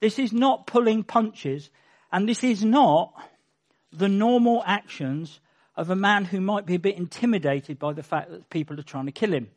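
Male Bible teacher, high-pitched, emphatic conversational preaching with dry humour. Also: normal speed, a little mellow. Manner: emphatic, with wry asides and chuckles. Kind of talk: conversational sermon.

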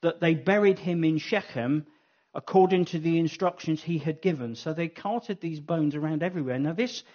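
Pitched fairly high with a darkish tone, this man talks at a moderate pace through a Bible lesson. He works things out as he speaks, often saying "um" and correcting himself, on a dull lo-fi recording.

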